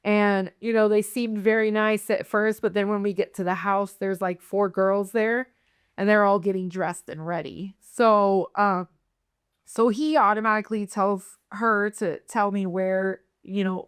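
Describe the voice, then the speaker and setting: A woman's voice: mid-range voice, fairly even intonation, unhurried, clear, resonant tone, no echo, studio quality. A young woman from Nebraska, a podcast guest telling her own story in a candid way, acting out the voices of the people she quotes. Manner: candid, acts out quoted voices, many fillers. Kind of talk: personal storytelling in conversation.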